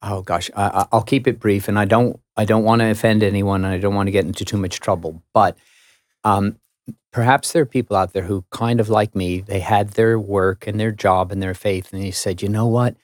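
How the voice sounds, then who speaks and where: Lively American man telling a story. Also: fairly low pitch, fairly quick, no echo, clean studio sound. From United States. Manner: lively, self-mocking, stammering restarts. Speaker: interview guest. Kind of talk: casual storytelling in a radio interview.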